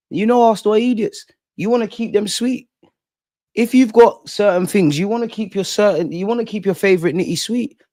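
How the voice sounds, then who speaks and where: High-pitched, ranting man. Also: dry recording, clean studio sound. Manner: animated, profane, exasperated ranting. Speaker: fan channel host. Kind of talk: ranting fan commentary.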